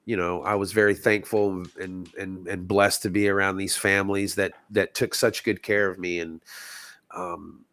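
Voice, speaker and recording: A man's voice: sits low, level tone, normal speed, a bit bright, no room sound. A man from Texas, a guest sounding stuffy from a cold, telling stories in an earnest, reflective way. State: stuffy, sick. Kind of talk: casual chat.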